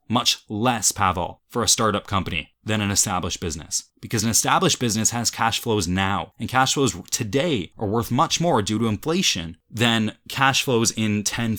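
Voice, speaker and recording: A man's voice: fairly low pitch, a bit bright. A young man from Canada, an investing YouTuber, reacting to angry comments in a heated, swearing rant with frequent laughs.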